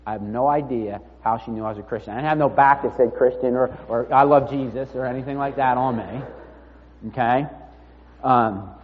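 Male preacher, mid-pitched, conversational storytelling sermon, long hall reverb, dull lo-fi sound. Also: a little fast. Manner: conversational storytelling, drops to near-murmur.

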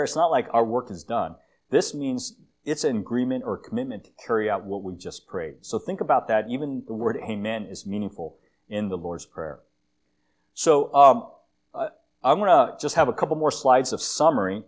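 A man with a fairly low voice preaching a relaxed, conversational sermon. He teaches from slides, calls himself long-winded, and often fills pauses with "um" and restarts phrases. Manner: conversational, with frequent fillers and restarts; self-described as long-winded. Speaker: guest preacher.

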